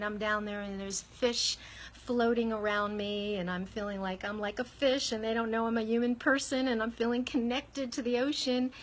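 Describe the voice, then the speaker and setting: A woman speaking candidly to camera, telling a personal story in a conversational, animated way. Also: on the high side, a little hiss or hum, poor audio. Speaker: vlogger.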